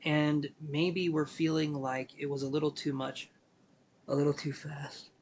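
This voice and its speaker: Sleepy, gentle man reading tarot live. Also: fairly high pitch, level tone, a little slow, slight background noise. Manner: gentle, meandering, filler-heavy. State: sleepy, yawning. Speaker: tarot reader.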